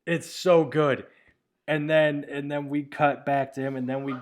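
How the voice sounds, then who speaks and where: A man giving casual, rambling commentary on his own short film, enthusiastic and quick to laugh. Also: a little high, flat delivery.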